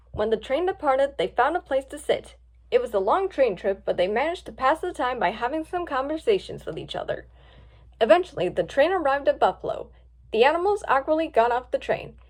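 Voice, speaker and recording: A woman reading a story aloud with plenty of lift. Her voice is high and moves up and down a lot as she brings the scenes to life. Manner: lively, expressive reading. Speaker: story reader.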